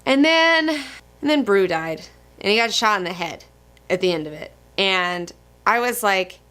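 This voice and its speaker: A young woman giving casual comic book commentary in a gushing, excitable manner with frequent swearing. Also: medium pitch, moderate pace, smooth.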